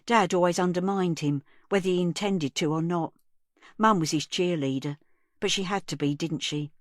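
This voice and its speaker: Low-voiced woman narrating an audiobook. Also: moderate pace, no echo, studio quality. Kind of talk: scripted narration.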